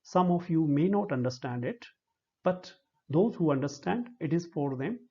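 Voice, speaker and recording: Slow-spoken Indian English male lecturer. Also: a little high, expressive, dark tone, slightly rough. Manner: slow and deliberate, spells out syllables one by one. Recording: dull lo-fi recording.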